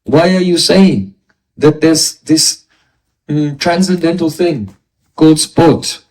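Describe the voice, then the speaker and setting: A high-pitched man teaches philosophy at an unhurried pace, working through each point patiently and stopping to pose questions to his listeners. His voice sounds distant, picked up from well away from the microphone. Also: darkish tone. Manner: explanatory, asks rhetorical questions. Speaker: spiritual teacher. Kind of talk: philosophy lecture. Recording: voice distant from the mic.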